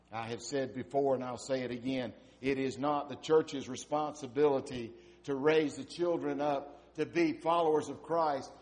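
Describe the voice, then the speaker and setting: A man in his fifties preaching a sermon, swinging from hushed, near-whispered lines to loud, emphatic ones. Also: mid-range voice. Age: 50s. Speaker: pastor.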